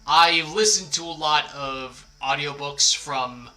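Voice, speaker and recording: Over quiet background music, a man hosts a casual livestream chat, meandering, apologetic, and self-deprecating. He speaks at a slow pace with a higher voice, and the recording quality is low.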